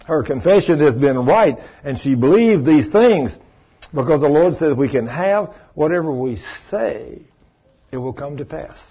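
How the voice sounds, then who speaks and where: A man's voice: fairly high pitch, lively intonation, measured pace, husky. A man preaching a sermon in a folksy, emphatic way, with conversational asides to the congregation. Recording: dull lo-fi recording.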